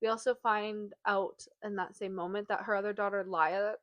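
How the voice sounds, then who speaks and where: In casual chat on a book podcast, a co-host retells a plot with lots of fillers and constant use of "like," turning animated as she acts out quotes. She has a mid-range voice at normal speed, recorded with no echo and the highs cut off.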